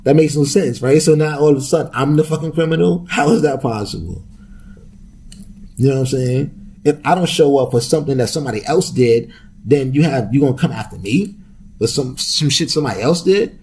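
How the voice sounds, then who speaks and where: A young man rants casually on his podcast in a dark, mellow voice with a gravelly edge. He swears freely and laughs his way through it, all in loose slang. A faint hiss of noise sits under the recording. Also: mid-range voice, brisk. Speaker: podcast host. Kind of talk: casual profane rant.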